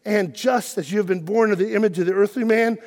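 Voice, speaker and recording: A middle-aged man preaches from the pulpit in a very high, bright register. His delivery swells from steady reading to forceful, shouted declarations. The sound carries a long reverb from a large sanctuary. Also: fast. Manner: emphatic preaching, shouting at peaks, quiet when telling personal story. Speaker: pastor. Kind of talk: sermon.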